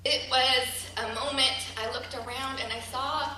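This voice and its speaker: A woman teacher giving an earnest, halting speech to an audience, full of ums. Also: high voice, steady tone, sharp tone, slight background noise. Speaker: teacher speaking at a gathering. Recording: echoey hall recorded from far.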